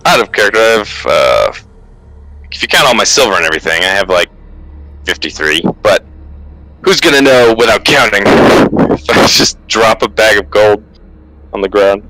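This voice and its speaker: A man's voice: on the low side, animated, moderate pace, sharp tone, a little hiss or hum, rough recording. A man playing a tabletop game, chatty and thinking aloud as he talks through his moves. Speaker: player. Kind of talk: casual tabletop play.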